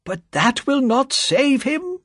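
A sorrowful old man, plaintive and weary, as a male reader voices him. His voice is husky and slow, the sound close and dry. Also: a little high, animated, no echo, heavily acted. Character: old, sad, worn-out male banker.

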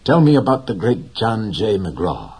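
A man putting on a caring young fisher boy in an audiobook, his voice lifted well above the reader's own, eager and coaxing, with a husky edge that leaps up and down lively. The boy sounds earnest and devoted. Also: on the low side, a little slow, voice pushed up, heavily acted. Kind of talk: audiobook character reading.

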